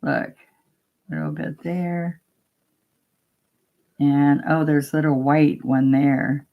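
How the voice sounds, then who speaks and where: A woman's voice: low voice, fairly even intonation, slow pace, gravelly, phone-quality sound. A woman teaching a painting demo, chatting casually step by step and talking to herself as she works. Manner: chatty, talks to herself while working, gently coaxing. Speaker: painting instructor.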